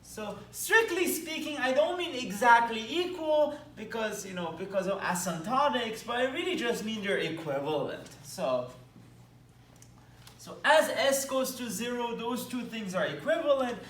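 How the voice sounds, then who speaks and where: Teaching math at a whiteboard, this Belgian-accented man sounds enthusiastic and slips in small playful remarks. He speaks slowly and deliberately while his intonation rises and falls energetically. Recorded from afar in a roomy, echoing space, the audio carries a faint hum.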